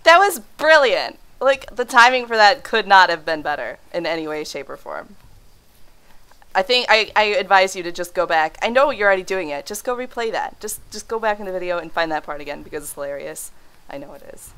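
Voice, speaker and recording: A woman's voice: on the low side, expressive, fairly quick, sharp tone, clean tone. A young woman playing a horror game at home, giving casual commentary, jumpy and swearing, shrieking at scares and laughing them off. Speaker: let's play gamer. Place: home room.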